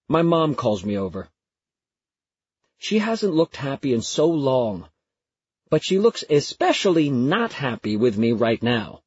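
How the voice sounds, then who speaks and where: A man narrates a first-person story in a conversational, storytelling manner, his husky voice rising and falling with lively intonation. The recording is close and dry, with a slightly dull, muffled tone. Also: medium pitch, no echo. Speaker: audiobook narrator.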